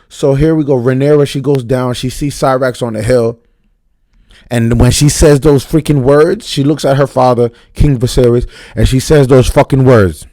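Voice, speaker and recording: A man giving an unscripted, profane, slang-heavy recap of a TV episode, talking fast and getting worked up. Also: medium pitch, warm tone, no echo. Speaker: TV show reviewer.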